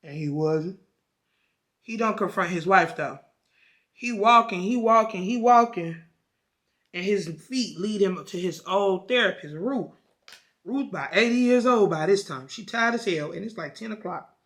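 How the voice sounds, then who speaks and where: A woman with a mid-range, slightly bright voice speaks at a normal pace. She's a vlogger chatting casually about a book and retelling its story in slangy, profane language.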